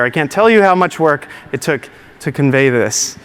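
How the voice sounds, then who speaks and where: A man's voice: a little high, lively intonation, moderate pace, hardly any pauses, fairly bright tone, smooth. A man giving a keynote talk to a live audience, telling a story in an earnest way and getting choked up. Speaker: keynote speaker. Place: large hall before a live audience.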